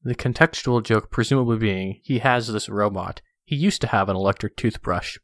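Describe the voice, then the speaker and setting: A podcast co-host in casual chat, teasing and dry, reading a comic out in a deadpan way. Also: mid-range voice, moderate pace, no room sound.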